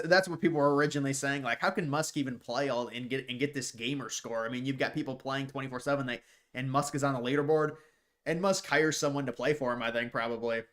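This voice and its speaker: A livestream host reads out viewer questions and answers them in casual chat, rambling, repeating words as he starts sentences, and tossing in scornful, mocking asides. His voice is medium-pitched and fairly bright.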